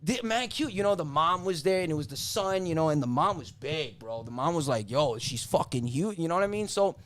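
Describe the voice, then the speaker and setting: A man's voice: on the high side, animated, quick pace, fairly bright tone. A young man from New Jersey, a podcast guest telling a story in casual, profane chat, laughing often. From New Jersey, USA.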